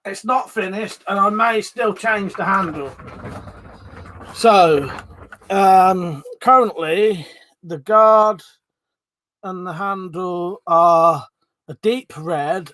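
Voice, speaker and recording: A man's voice: sits high, slow, long pauses, dry recording. Chatty man greeting stream viewers. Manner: chatty, greets viewers by name, loud greetings then mumbled asides. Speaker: live stream host. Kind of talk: casual live stream chat.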